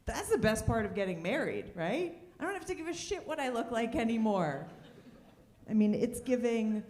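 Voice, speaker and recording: A woman comedian works a club crowd with a lively, bouncing delivery, her pitch leaping up and down. Her punchlines come dry and sardonic. The stage mic picks up plenty of the club's roomy echo. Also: moderate pace, slight background noise. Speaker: stand-up comedian. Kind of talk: stand-up comedy set.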